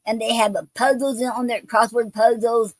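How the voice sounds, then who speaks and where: A woman's voice: fairly high pitch, fairly even intonation, normal speed, no room sound, rough recording. A woman hosting a poetry show, reading poems and explaining a poetic form in a hesitant way, with many ums and restarts.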